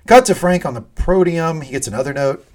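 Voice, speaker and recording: A podcast co-host with a slightly high, a little mellow voice speaks animatedly and fairly quickly. His casual chat recaps a TV episode, peppered with swearing and acted-out quotes.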